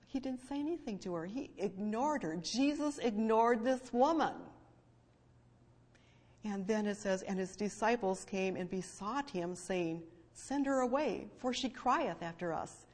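A woman preaching a sermon and reading scripture, emphatic, moving between hushed and loud fervent stress. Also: medium pitch, expressive, a little slow. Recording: long hall reverb.

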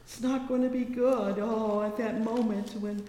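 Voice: medium pitch, fairly even intonation, unhurried, dark tone, slight background noise. A preacher delivering a fervent, exclamatory sermon, breaking in again and again with cries of praise. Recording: echoey hall with long reverb.

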